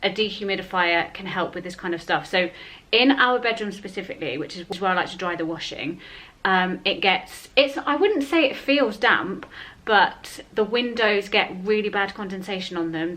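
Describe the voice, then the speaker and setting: A young woman, chatting casually to camera in a vlog about family life, laughing often and talking softly to her son. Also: medium pitch, normal speed, few pauses. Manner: chatty and self-deprecating, often laughing, with soft baby talk to her son. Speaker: vlogger. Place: home and outdoors in town.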